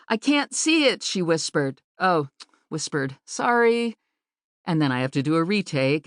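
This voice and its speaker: A woman narrating an instructional audiobook in a recording studio, with a clear, deliberate teaching delivery and marked emphasis. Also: sits low, no room sound.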